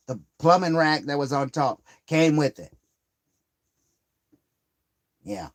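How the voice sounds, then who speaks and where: A man telling a rambling, profanity-heavy story on a live stream, getting heated as he retells a grievance. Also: medium pitch. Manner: profane, rambling, swears constantly.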